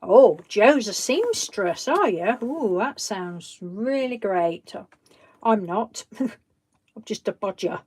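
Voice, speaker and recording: With a medium-pitched, sing-song, slightly mellow and husky voice, this woman speaks slowly, with no echo. She runs a craft live stream, chatting ramblingly and laughing a lot.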